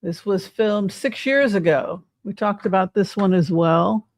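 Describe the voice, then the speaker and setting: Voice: medium pitch, measured pace, no room sound. Tarot reader, casual livestream talk, chatty, rhetorical questions, dry room.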